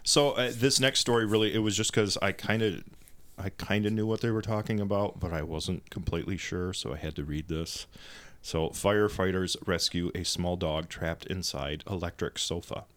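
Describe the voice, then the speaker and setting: A male podcast co-host with a somewhat low voice, speaking calmly and keeping his replies brief. He introduces a news story in casual chat. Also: normal speed.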